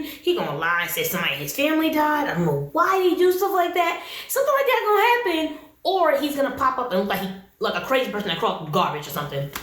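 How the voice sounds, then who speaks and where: A woman giving a sassy, animated casual review of a reality show. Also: on the high side. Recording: roomy echo.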